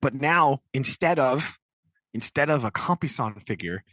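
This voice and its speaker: A man co-hosting a podcast, rambling through a film recap at a middle pitch and leaning on filler words. The room is dry and close, with no echo at all. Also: animated, measured pace, a bit bright. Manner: rambling, many filler likes. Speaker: podcast co-host. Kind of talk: casual chat recapping a film.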